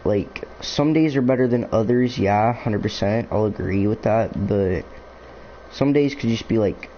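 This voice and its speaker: Speaking a little slowly in a lowish voice, this young man rambles to his YouTube camera with musing asides and lots of fillers. The recording comes through a dull lo-fi mic with faint background noise.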